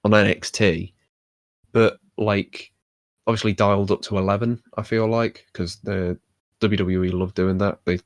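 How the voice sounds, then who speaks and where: A man's voice: deep voice, no room sound. A man co-hosting a podcast, talking casually with lots of fillers as he rambles through his point. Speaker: podcast co-host. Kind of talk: casual chat.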